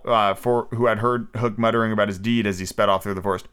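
A man's voice: on the low side, flat delivery, fast, few pauses, fairly bright tone, clear, resonant tone. A man hosting a podcast, reading a novel aloud with casual asides and self-corrections. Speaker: podcast host.

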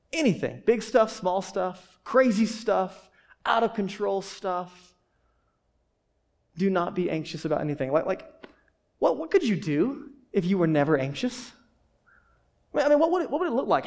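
A pastor delivers his sermon in a relaxed, chatty way, sounding more like a conversation than a lecture. His voice sits high for a man, and he keeps asking his listeners questions. He often repeats a word or two as he restarts a thought. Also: vocal fry.

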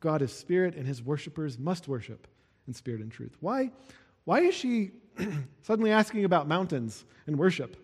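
Pastor with a high voice in a reverberant hall. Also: male voice, lively intonation, moderate pace, darkish tone, breathy edge. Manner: explains verses with a casual, conversational aside. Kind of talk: sermon.

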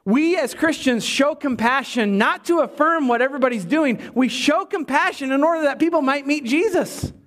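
A pastor delivering a sermon, emphatic and animated, with humorous asides to the congregation. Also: male voice, very high voice, moderate pace, hardly any pauses.

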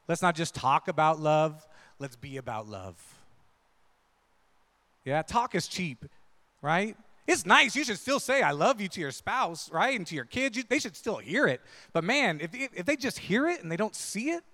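A man's voice: on the high side, fairly bright tone, in a large hall. A man preaching a conversational sermon, often checking in with the congregation. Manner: conversational, asks the crowd "right?" often. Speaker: pastor.

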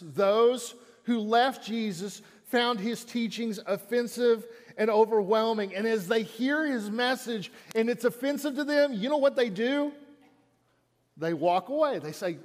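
A man's voice: very high-pitched, measured pace, in a large hall. A man preaching a sermon in an auditorium, in a conversational way that repeats lines for emphasis. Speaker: pastor.

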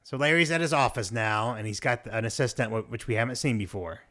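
A man's voice: medium pitch, fast talker, bright, forceful tone. Laid-back man recapping a TV episode. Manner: recaps scenes and quotes dialogue, laughs often. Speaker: podcast co-host. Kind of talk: casual commentary on a TV episode.

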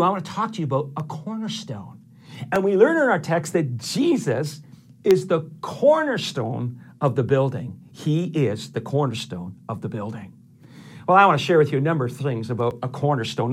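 A middle-aged male pastor preaching a sermon, stressing each numbered point with repetition. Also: a little high.

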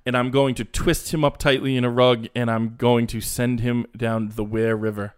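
A man co-hosting a casual sports podcast, rambling and animated, with restarts and mocking asides. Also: mid-range voice, moderate pace, clean tone. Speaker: podcast co-host.

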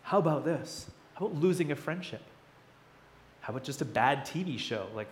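A man's voice: fairly high pitch, animated, brisk, slight background noise. A man in his thirties preaching a sermon as a pastor, conversational and chatty, with playful asides.

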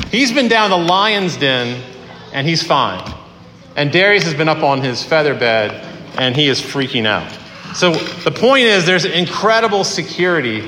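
Animated male pastor in echoey hall. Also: fairly high pitch, a little hiss or hum. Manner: conversational and animated, with vivid retelling. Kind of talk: sermon. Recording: echoey hall with long reverb.

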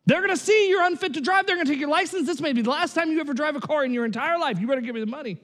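A man voicing a haughty, short-tempered young man who bullies an old driver with loud threats. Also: extremely high pitch, big pitch swings, in a large hall, pitched above the performer's own voice, full character voice. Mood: threatening. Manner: shouting, bullying, rapid threats.

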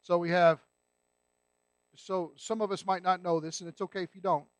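Male pastor, very high pitch, emphatic sermon delivery with rhetorical questions. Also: level tone, normal speed, no echo.

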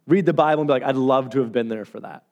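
A man preaching a sermon as pastor, telling stories with animated swings between loud and hushed delivery. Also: mid-range voice, quick pace, highs cut off.

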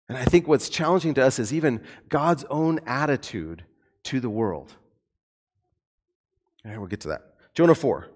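A man preaching a sermon in a conversational, animated way with light humor. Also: mid-range voice. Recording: long hall reverb.

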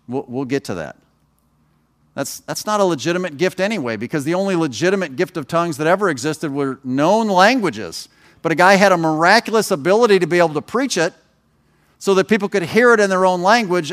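A man's voice: a little high, fairly bright tone. Male pastor preaching in a chatty storytelling way. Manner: conversational storytelling with asides. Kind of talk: sermon.

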